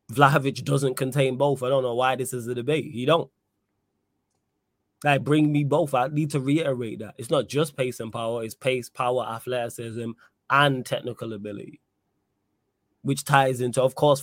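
A man with a medium-pitched voice hosts a relaxed football podcast, reading out the live chat as he talks emphatically, pushing his opinions and going back over his points. The audio is studio quality with no echo.

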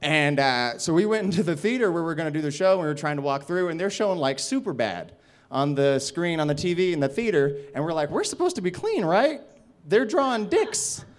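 A stand-up comedian, a man, telling a rowdy story in casual, animated speech with laughter and swearing. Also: a little high, fast talker.

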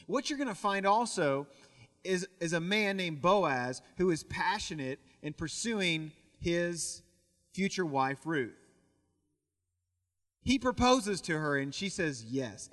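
Young male pastor, high bright voice, earnest sermon delivery, long church reverb. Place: church sanctuary.

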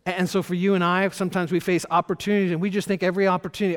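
A middle-aged man preaching a sermon as pastor, often stumbling over and repeating words, and dropping to a soft whisper when he voices God. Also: high-pitched, fast talker, few pauses, big-room sound. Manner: shifts to soft whispers for God's voice.

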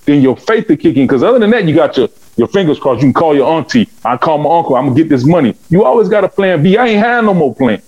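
A man pours out his life story at a rapid clip, preaching with fervor and acting out every exchange. His voice sits a bit high for a man, and the sound is dull and lo-fi. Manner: animated, acts out dialogue with big pitch swings; fervent and preaching. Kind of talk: emotional testimony storytelling.

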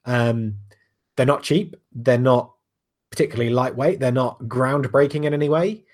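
A man hosts a podcast in a loose, rambling way. He swears casually as he chats. His voice sits at a middling pitch. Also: normal speed. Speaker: podcast host. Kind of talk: casual chat.

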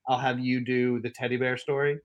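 A man hosting a casual podcast chat, lively and joking as he hands the discussion to others. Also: mid-range voice, fairly quick, muffled recording. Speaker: podcast host. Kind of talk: casual chat, moderating a group.

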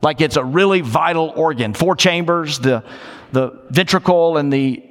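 A man preaching a sermon in a church, conversational, slowing down for emphasis and dropping in playful asides. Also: a little high, in a large hall. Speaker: pastor. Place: church sanctuary.

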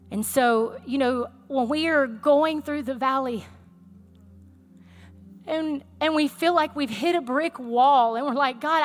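A woman with a high voice preaches a sermon. She talks to the congregation in a conversational, animated way, weaving a personal story in with fillers and asides. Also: big-room sound.

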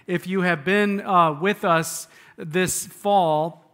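Man, pastor, casual sermon, slightly raised pitch, church. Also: steady tone, takes it slowly, a bit bright. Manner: conversational, self-deprecating, restarts and asides. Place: church sanctuary.

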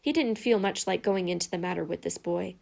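A woman's voice: fairly low pitch, fairly quick, gravelly, darkish tone. Woman reading a storybook aloud. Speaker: audiobook narrator. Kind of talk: scripted narration.

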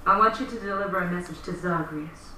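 A woman's voice: lowish voice, fast talker, a little hiss or hum. A stern woman warrior. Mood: firm. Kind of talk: TV drama dialogue. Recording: roomy, distant TV audio under loud score. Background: dramatic background music.

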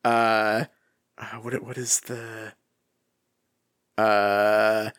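A man co-hosting a podcast, chatting casually about a book, with many restarts and lively pitch swings. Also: drawn-out words, smooth, dry recording, studio quality. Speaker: podcast co-host.

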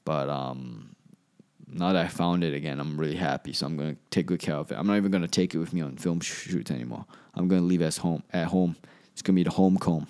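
This comedian hosts a solo podcast, rambling and chatting with lots of restarts and self-corrections. He's from Asia and has a slight Australian accent. His voice rumbles low with a darkish tone, and he talks quickly.

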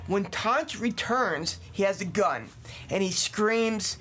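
A man's voice: high-pitched, animated, takes it slowly, a bit bright. A man hosting a casual podcast, retelling a true crime story with lots of fillers and laughs. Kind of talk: casual chat.

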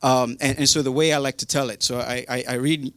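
A man's voice: medium pitch, fairly even intonation, fairly quick, a bit bright, no room sound. Chatty, humorous male preacher. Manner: chatty and humorous, with modern slang. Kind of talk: casual sermon retelling a Bible story.

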